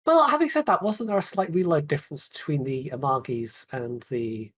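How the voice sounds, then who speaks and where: A man's voice: a little high, expressive, normal speed, a bit bright, breathy edge. Casting: male podcast host, easygoing, talkative, laughs a lot, lets sentences trail away. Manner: chatty, laughs often, trails off. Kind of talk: casual gaming chat.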